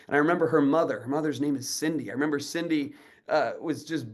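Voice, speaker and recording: This educator and speaker, a man in his thirties, has a slightly high voice and talks fast. He gives a storytelling talk, energetically acting out the voices of the people in his story.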